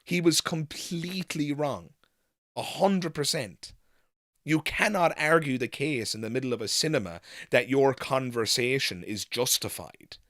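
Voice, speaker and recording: Forceful man telling a frank story. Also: mid-range voice, unhurried, dry recording, studio quality. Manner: animated, frank, swears casually. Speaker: host. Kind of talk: live Q&A storytelling.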